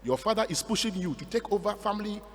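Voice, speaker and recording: Animated Ghanaian priest, high voice. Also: male voice, fast talker, long reverb tail. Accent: Ghanaian English. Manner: animated storytelling, acts out the dialogue, laughs often. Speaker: Catholic priest. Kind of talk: homily.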